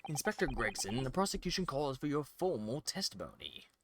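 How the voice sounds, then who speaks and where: A man voicing a haughty aristocratic prosecutor, reading slowly and theatrically over game music. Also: mid-range voice, huge pitch swings, noisy background. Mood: disdainful.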